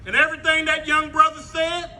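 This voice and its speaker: A man's voice: very high voice, completely flat delivery, fairly quick, bright, forceful tone. A middle-aged man giving a fiery, profane protest speech at an outdoor rally, repeating his rallying lines. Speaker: rally speaker.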